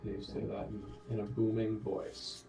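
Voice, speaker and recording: A man running a tabletop game as game master, narrating in a relaxed, chatty way. His voice sounds set back from the mic in an echoey room. A faint hum of noise runs beneath. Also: fairly low pitch, measured pace, vocal fry. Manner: relaxed, conversational narration with fillers. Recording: roomy, distant mic, faint background noise.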